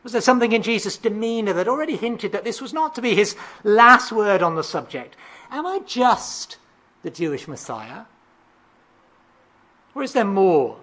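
A preacher with a husky, slightly breathy voice walks through a passage verse by verse. The delivery poses rhetorical questions and now and then stumbles into fillers before picking up the thread. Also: mid-range voice, very animated, moderate pace, sharp tone. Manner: expository, asks rhetorical questions, reads out verses; occasional hesitant fillers and restarts. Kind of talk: sermon.

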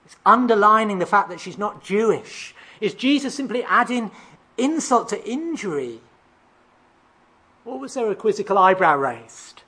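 Husky-voiced preacher working through scripture. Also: mid-range voice, lively intonation, moderate pace, bright, forceful tone. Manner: expository, asks rhetorical questions, reads out verses; occasional hesitant fillers and restarts. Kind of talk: sermon.

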